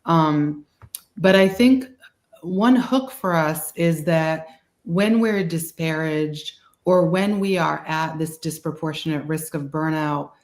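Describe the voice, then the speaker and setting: Low-voiced Boston woman in an echoey room. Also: slow. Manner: rambling, heavy use of "like" and "you know". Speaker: guest speaker. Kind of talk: casual webinar talk.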